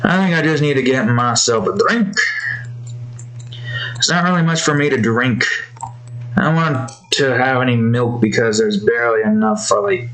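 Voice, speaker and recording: A man's voice: medium pitch, expressive, moderate pace, long pauses, fairly bright tone, rough recording. A man thinking aloud while he draws, rambling with fillers and talking to his cat between remarks. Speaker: artist drawing on stream. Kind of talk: casual commentary while drawing.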